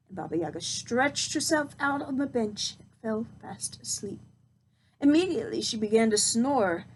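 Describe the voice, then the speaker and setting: A woman reading a storybook aloud, expressive and slowing down for suspense. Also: mid-range voice, a little hiss or hum, low-quality recording.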